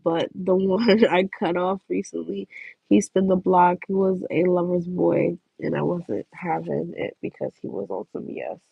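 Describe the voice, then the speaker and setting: A woman's voice: on the low side, gravelly, husky, no echo. A young woman from Philadelphia hosting a tarot livestream, chatting casually and telling a story with lots of laughter. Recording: dull lo-fi stream audio.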